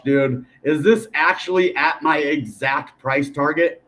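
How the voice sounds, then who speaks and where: Rambling, excitable man talking crypto charts. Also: on the high side, normal speed, hardly any pauses. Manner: animated, rambling, addresses viewers as guys and dude. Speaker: crypto YouTuber. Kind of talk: casual chart commentary to camera.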